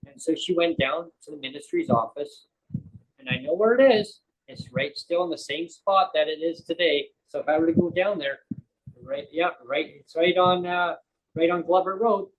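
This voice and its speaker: Male guest, husky voice, rambling storyteller with lots of fillers. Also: a little high, moderate pace, low-quality recording. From Canada. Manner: rambling, full of fillers and acted-out quotes. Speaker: podcast guest. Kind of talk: casual storytelling chat.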